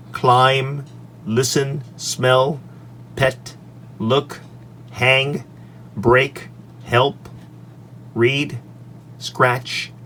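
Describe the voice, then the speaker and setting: A man who teaches English, recorded in his office on a desk microphone, walking through his lesson slides in an upbeat way and saying each example sentence clearly. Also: mid-range voice, a bit bright, slight background noise. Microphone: desk microphone on an extension arm.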